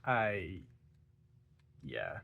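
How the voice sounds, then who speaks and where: A man's voice: low voice, big pitch swings, very slow, creaky, lo-fi sound. A tired, yawning young man talking casually about a book, rambling with stumbles and giggles. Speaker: book reviewer. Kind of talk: casual book talk vlog.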